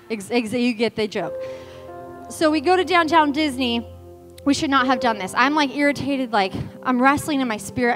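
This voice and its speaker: A woman in her thirties preaching in a church, telling a personal story in a chatty, animated way full of quoted dialogue and fillers. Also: fairly high pitch. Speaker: guest speaker. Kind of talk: conversational sermon storytelling. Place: church sanctuary.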